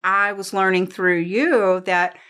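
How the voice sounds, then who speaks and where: A woman's voice: medium pitch, steady tone, takes it slowly, fairly bright tone, clear, resonant tone. A woman producer and publicity mentor, a guest on a talk show, chatting effusively with many laughs. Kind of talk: casual chat.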